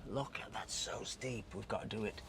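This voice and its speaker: Steering a small electric car along village streets, a male travel vlogger chats eagerly about the scenery in a casual commentary. His voice sits fairly low with vocal fry, his intonation stays fairly even, and he moves at a moderate pace against a noisy background.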